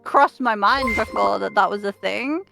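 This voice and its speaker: A woman's voice: mid-range voice, normal speed, gravelly, music in the background. A young woman with a Liverpool accent, chatting on a livestream and stopping often to restart. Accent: Liverpool English. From England, Liverpool. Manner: hesitant, many fillers and restarts. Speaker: streamer host. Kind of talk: casual chat on a livestream.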